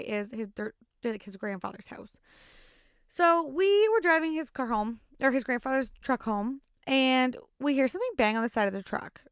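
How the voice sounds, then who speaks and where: A woman's voice: fairly high pitch, a bit bright, smooth, no room sound, studio quality. A woman hosting a show and casually telling her own stories, swearing often and rambling with lots of fillers. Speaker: podcast host telling personal stories. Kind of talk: casual storytelling.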